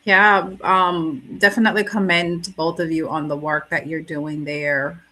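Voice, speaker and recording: Woman, talk show host, slow pace, bright tone, measured questions. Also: low voice, fairly even intonation, slight background noise, low-quality recording.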